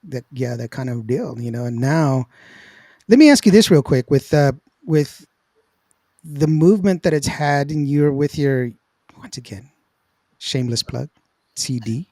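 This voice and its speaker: A man's voice: mid-range voice, lively intonation, measured pace, long pauses, darkish tone, dry recording, studio quality. A man hosting a casual interview, talking in a loose, rambling way with lots of fillers. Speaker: interview host.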